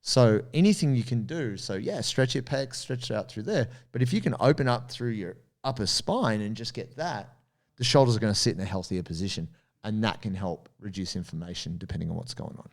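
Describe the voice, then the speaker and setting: A man's voice: on the low side, animated, brisk. An Australian man co-hosts a casual podcast and walks listeners through advice step by step like a coach. He speaks straight to the audience in an explanatory way. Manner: addresses listeners directly. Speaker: podcast co-host. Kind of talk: casual podcast chat giving training advice.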